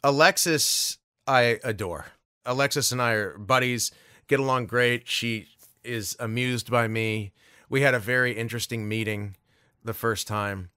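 A man, a guest voice actor, telling a story in a casual interview, animated and swearing freely. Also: medium pitch, a little slow, smooth, no echo, clean studio sound.

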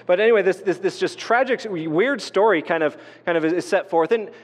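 A man's voice: high-pitched, brisk, in a large hall. A man in his role as pastor preaching a sermon in a casual, conversational way, with asides and restarts, from northern Colorado. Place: church sanctuary.

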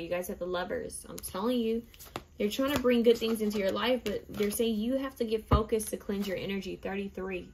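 A woman's voice: mid-range voice, slight background noise, rough recording. A woman giving a casual tarot card reading, speaking earnestly and chattily to her viewers as "you guys". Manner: earnest, spiritual advice-giving.

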